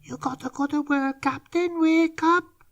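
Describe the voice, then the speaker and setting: A man voicing a soppy little male fox-like creature in a high, soft voice for an audiobook. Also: fairly even intonation, a little slow, highs cut off. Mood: pleading.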